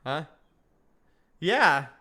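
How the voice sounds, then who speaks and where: A man's voice: fairly high pitch, big pitch swings, very slow, sharp tone. A man hosting a casual live stream, chatting and joking as he follows a practice session, often laughing at his own slips. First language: English.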